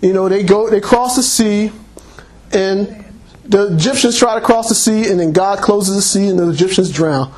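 A man's voice: sits high, moderate pace. A man preaching a sermon, exhorting and retelling scripture stories with playful mockery. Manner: animated storytelling, mocking, exhorting.

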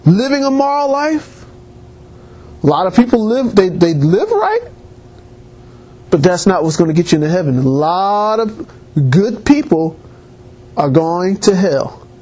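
A male preacher delivers a sermon in a husky voice. His pitch swoops widely as he drives his points home, climbing to emphatic peaks. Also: sing-song, unhurried, long pauses, dark tone.

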